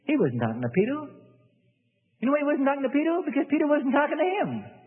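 Animated preacher in a tinny, echoing hall. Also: male voice, very high-pitched, fast talker. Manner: animated preaching, mimics the voices of praying people. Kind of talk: sermon. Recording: phone-like sound in a reverberant hall.

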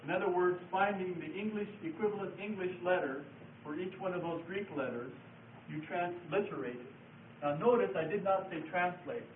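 A man with a fairly high voice gives a patient, step-by-step lesson, repeating his key words. He sounds distant and echoey, as if taped from the back of a room. The sound is thin and phone-like, with a faint hiss underneath. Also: normal speed. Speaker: Bible study teacher. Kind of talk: classroom lecture with board writing.

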